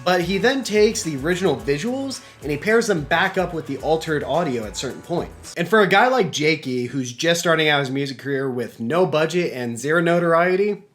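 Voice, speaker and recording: A man's voice: a little high, animated, brisk, few pauses, fairly bright tone, soft background music. A man hosting a casual commentary video essay, making jokey, rambling asides.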